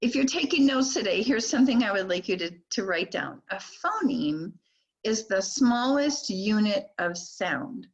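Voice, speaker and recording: An older woman giving a teacher training lecture on reading skills, slowly sounding out words and their sounds. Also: mid-range voice, animated, slightly rough, highs cut off. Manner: slow, deliberate modeling of speech sounds. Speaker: literacy trainer.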